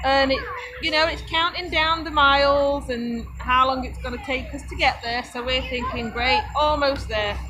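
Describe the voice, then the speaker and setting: A woman's voice: sits high, steady tone, moderate pace, background noise. A woman from Britain hosting a homesteading live stream, telling a road-trip story in a chatty way, laughing often and breaking off to talk to her children. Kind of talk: casual storytelling to viewers.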